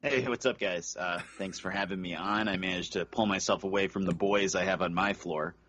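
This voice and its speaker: Deep-voiced middle-aged man, dry humor. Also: steady tone, fairly quick, dull audio, noisy background. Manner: dry, self-mocking humor. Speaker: guest podcaster. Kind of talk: casual chat.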